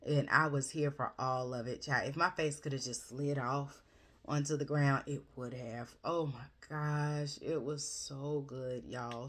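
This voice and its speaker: A woman recapping a book in a casual, rambling chat, gushing about it and correcting herself often. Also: rumbling low. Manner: rambling, chatty, with frequent fillers and self-corrections; animated, gushing and expressive. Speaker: book reviewer.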